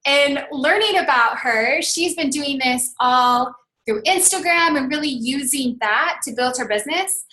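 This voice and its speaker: A woman's voice: sits high, unhurried, bright, forceful tone. A woman hosting a webinar, introducing a guest in an upbeat, enthusiastic way with frequent fillers. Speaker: webinar host. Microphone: call recording.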